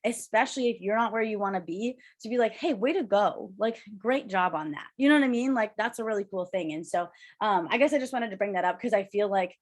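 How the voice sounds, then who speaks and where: Brief: young woman co-host, rapid chatty delivery, bubbly and rambling, video call. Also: medium pitch. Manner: fast, bubbly, rambling with many "like"s. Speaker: podcast co-host. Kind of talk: casual chat.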